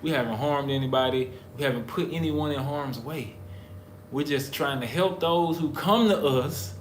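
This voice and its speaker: A man's voice: on the high side, moderate pace. Emphatic man in a roomy, echoey space. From United States. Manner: emphatic, preacherly repetition. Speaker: vlogger, husband in couple channel. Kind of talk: casual talk to camera. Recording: roomy echo, faint background noise.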